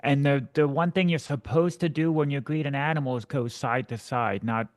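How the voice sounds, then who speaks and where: A man's voice: mid-range voice, moderate pace. A man in casual podcast chat, eager and insistent, repeating his points.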